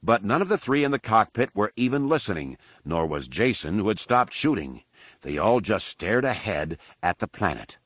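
A man with a low voice narrates an action story in a measured, dramatic reading. The recording is dry and close, with almost no room sound. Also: big pitch swings, fairly bright tone, no room sound. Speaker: audiobook narrator. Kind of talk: scripted narration.

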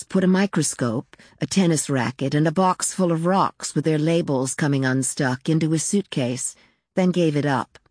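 A woman reads a literary story aloud in the calm, measured manner of an audiobook. Her voice sits low, and she lets the lyrical passages unfold at an even pace. The recording is close and dry, with no room sound around her. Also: no echo. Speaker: narrator. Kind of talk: audiobook reading of literary fiction.

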